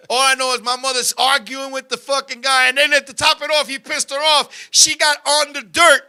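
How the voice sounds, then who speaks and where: A man hosting a show, telling animated, profane stories and often shouting as he talks. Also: very high voice, normal speed. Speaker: show host. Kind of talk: comedic storytelling chat.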